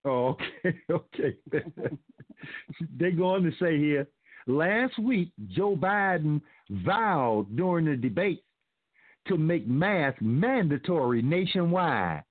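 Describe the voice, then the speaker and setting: A man hosting a talk show, reading news out and breaking in with preachy, sarcastic remarks to his listeners. His voice sits a little high and comes through dry and phone-thin. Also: expressive, slow pace, no room sound, narrow, tinny audio. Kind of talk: opinionated commentary reading news aloud.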